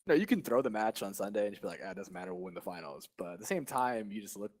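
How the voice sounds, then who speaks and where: A young man on a headset after a match, chatting loosely with plenty of fillers and laughter. His voice sits fairly low but jumps around with excitement. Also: racing. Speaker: guild leader guest. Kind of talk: casual esports interview.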